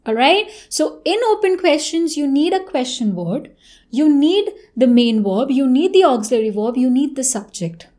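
A woman's voice: high voice, animated, normal speed, a little mellow. A woman teaching an English lesson, explaining step by step, checking in with "right?" and showing rising and falling intonation.

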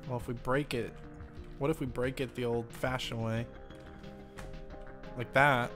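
A man's voice: mid-range voice, level tone, a little slow, fairly bright tone, soft background music. Laid-back young man streaming a game. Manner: laid-back, says "dude". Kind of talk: casual let's play commentary.

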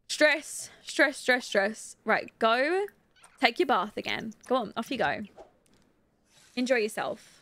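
This young British streamer plays a life-simulation game and chats casually, reading and answering messages and giggling often. She takes it slowly, her voice fairly high with lively intonation and a sharp tone.

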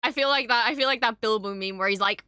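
A young woman reacting to a show in excited, gushing casual chat, swearing often. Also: fairly high pitch, fast talker, clear, resonant tone, no room sound, studio quality. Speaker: reaction streamer.

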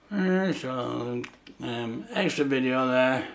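A man chatting fondly in a relaxed way while filming his dogs at home. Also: medium pitch, unhurried, creaky. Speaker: dog owner vlogger. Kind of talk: casual home vlog.

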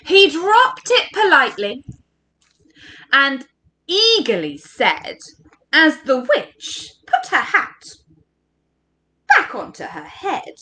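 Recorded at home for an online workshop, this English education leader gives an interactive read-aloud for children. Her high, bright voice moves slowly but stays lively, and she animatedly encourages the young listeners to take part.

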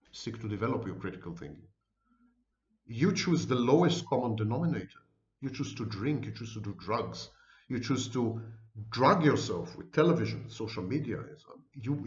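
A man's voice: mid-range voice, roomy sound, muffled recording. A man delivering a scornful, emphatic monologue to his viewers as host of his own channel. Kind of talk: direct-to-camera monologue.

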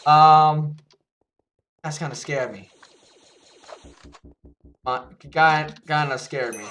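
A man giving live gameplay commentary, excitable, repeating words in bursts and yelping when he gets hit. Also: medium pitch, slow pace, long pauses, background noise. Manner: yelps and laughs when hit. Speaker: gaming YouTuber.

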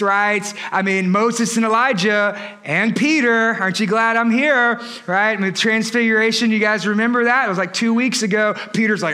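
Pastor, male, high bright voice, playful comic sermon delivery with acted asides. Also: fairly even intonation, normal speed, few pauses. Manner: playful, joking storyteller voicing disciples.

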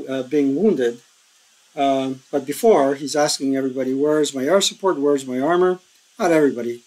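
A man with a slightly higher voice talks through game rules in a relaxed, step-by-step way. His speech is loose and unscripted, with plenty of ums and uhs as he goes, and it turns animated in bursts. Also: rough recording. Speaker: board game tutorial host. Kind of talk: casual rules explainer.

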